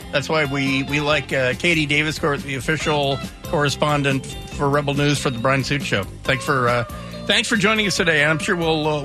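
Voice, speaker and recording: A middle-aged man hosting a radio talk show, joking wryly and restarting his sentences with stammers. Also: fairly high pitch. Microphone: studio microphone.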